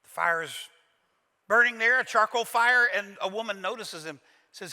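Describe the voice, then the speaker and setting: Bright-voiced pastor from Kentucky preaching. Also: male voice, high voice, normal speed. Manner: animated, dramatic storytelling with folksy humor. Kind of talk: sermon. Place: large church auditorium. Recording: reverberant church hall.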